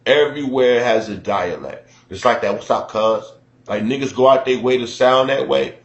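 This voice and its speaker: A Chicago man hosting a radio show, telling stories in blunt, profane, animated chat. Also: mid-range voice, moderate pace, vocal fry, echoey room, highs cut off. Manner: animated, blunt, swearing storyteller. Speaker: radio host.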